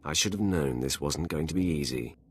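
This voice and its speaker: A video game Sith warrior: extremely deep, husky, cold and taunting. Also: male voice, animated, a little fast, heavily acted. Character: menacing male Sith warrior, cold and commanding.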